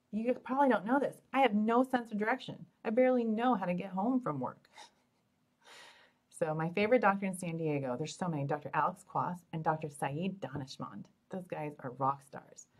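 Woman, middle-aged, fertility doctor, live Q&A host, low voice, chatty, joking, upbeat. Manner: upbeat, chatty, joking, addresses listeners as "you guys". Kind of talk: live Q&A answering viewer questions.

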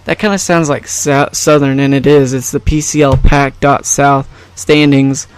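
A man's voice: medium pitch, fairly even intonation, normal speed, hardly any pauses, clear, resonant tone, dry recording. A man giving casual, rambling and jokey commentary over a baseball video game. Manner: rambling, jokey, self-correcting. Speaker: gaming YouTuber.

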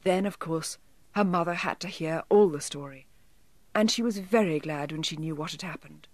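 A woman narrating a children's story with a lively, expressive delivery and hushed asides. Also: low-pitched, normal speed, no room sound.

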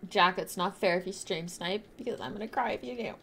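A young woman streaming a game live, chatting bubbly with her viewers and teammates and bursting into loud shrieks. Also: medium pitch, a little fast, a little hiss or hum. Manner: talks to chat and teammates while playing.

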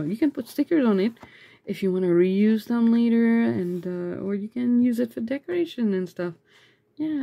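A woman chatting casually as she unboxes sticker mail, excitable and chatty, breaking into high squeals over cute things. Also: vocal fry. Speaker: vlogger.

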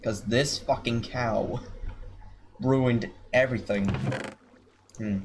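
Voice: medium pitch, fairly even intonation, takes it slowly. Foul-mouthed grumbling gamer, noisy recording. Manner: swears constantly, grumbles at game animals. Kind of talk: let's-play commentary. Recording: noisy with keyboard clicks. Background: keyboard typing.

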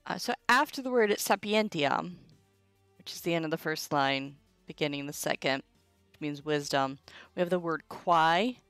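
A woman's voice: low voice, moderate pace, fairly bright tone, no echo, soft background music. A young woman teaching a casual livestream Latin lesson, chatty and informal, with asides to her chat. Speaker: Latin tutor streaming a live lesson.

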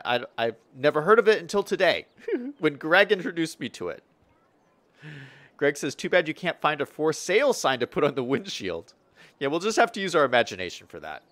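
A young man from the Western United States, his voice fairly high, streams a city-building game and chats in a lively, casual way, reading chat messages aloud with frequent fillers and restarts. The recording is dry.

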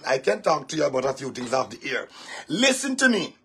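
A male pastor giving an emphatic, lecturing talk to a congregation, sometimes breaking into shouts. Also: on the high side, big pitch swings, brisk, breathy edge.

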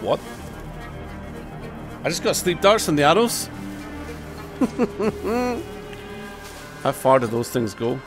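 A man hosting a let's play, giving excitable gameplay commentary, swearing and humming tunes over game music. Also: a little high, slow pace, long pauses.

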